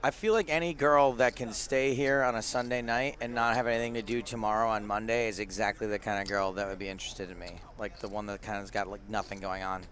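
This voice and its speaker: A man's voice: lowish voice, fairly even intonation, fast, hardly any pauses, a bit bright. A man co-commentating a live poker stream, joking and teasing his partner and their guests.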